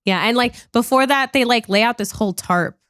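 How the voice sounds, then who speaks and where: A slightly high, clear and resonant female voice speaks fairly quickly as a podcast co-host chatting about a movie. She's chatty and animated, saying "like" often and swearing now and then, in clean studio audio with no echo.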